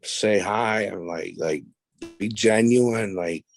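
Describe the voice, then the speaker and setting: Deep-voiced, blunt, cursing man. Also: slow. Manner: blunt, profane, boastful. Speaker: podcast guest. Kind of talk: casual storytelling interview.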